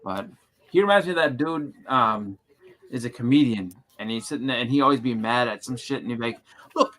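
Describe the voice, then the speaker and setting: A man with a New England accent in casual chat, telling rambling stories and bursting into loud impressions. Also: mid-range voice, brisk.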